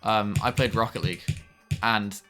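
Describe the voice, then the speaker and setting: A man's voice: on the low side, steady tone, moderate pace, bright, forceful tone, soft background music. A young man chatting casually with viewers while streaming a game, swearing now and then at the game. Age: young adult. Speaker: streamer reading chat.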